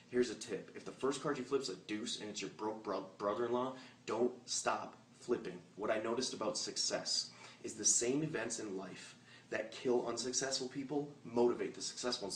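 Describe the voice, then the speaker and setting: Man, low voice, rapid-fire motivational pitch, joking and fired up, echoey room heard from a distant mic. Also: fairly bright tone, a little hiss or hum. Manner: punchy, joking, fired-up delivery. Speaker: network marketing presenter. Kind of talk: motivational recruiting talk. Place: meeting room with a live audience.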